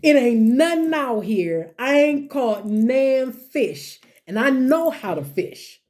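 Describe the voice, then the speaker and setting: Stubborn, frustrated fisherman Peter, as a woman puts him on in her preaching, pitched well above her own voice and protesting again and again. Proud and worn out from a long night on the water. Heard in a spoken sermon retelling. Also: big pitch swings, measured pace, a little mellow. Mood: exasperated. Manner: insistent, exasperated repetition.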